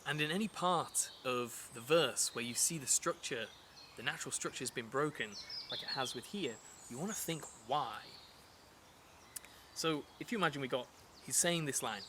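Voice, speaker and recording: A man teaching a lesson in a relaxed, chatty way, with frequent fillers and restarts. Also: medium pitch, moderate pace, background noise. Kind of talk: casual explanatory lesson.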